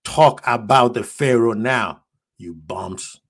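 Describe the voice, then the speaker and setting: A man's voice: mid-range voice, slow, vocal fry, a bit bright, husky. Fired-up man ranting as a fan host. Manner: passionate, preachy, ranting at rival fans. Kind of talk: animated fan reaction stream.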